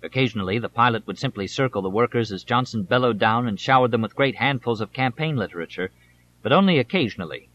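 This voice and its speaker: Man reading a biography, measured. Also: mid-range voice, animated, a bit bright, muffled recording. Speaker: audiobook narrator. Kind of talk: scripted narration.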